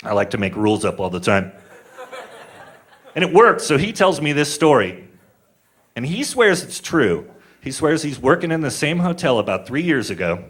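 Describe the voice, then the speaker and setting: A man's voice: medium pitch, sing-song, normal speed, fairly bright tone. Guy in his 40s doing stand-up, rambly crude stories, chill delivery, medium voice. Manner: rambling, crude, laid-back storytelling with filler words. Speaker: stand-up comedian. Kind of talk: stand-up comedy storytelling.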